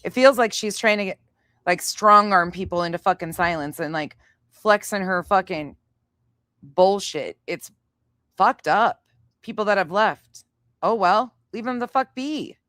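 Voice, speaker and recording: A woman's voice: mid-range voice, a little slow, fairly bright tone, no echo. A woman streamer vents into her mic, furious and exasperated. She swears constantly as she rants about what she's seen. The sound is dry and close, and her voice sits in a middle register. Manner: heavy swearing, exasperated ranting. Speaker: streamer reacting to clips. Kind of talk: angry live-stream rant.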